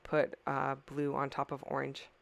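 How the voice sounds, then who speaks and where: A woman's voice: a bass voice, completely flat delivery, normal speed, creaky. A middle-aged woman, tired, casually narrating her scrapbooking process as a craft channel host, rambling a little and correcting herself. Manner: rambling, self-correcting, apologetic.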